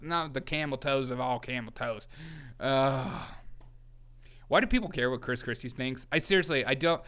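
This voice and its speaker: A man's voice: medium pitch, moderate pace, pushed and bright. A man hosting a comedy news show, sarcastic and laughing often as he riffs. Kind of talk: casual comedic commentary.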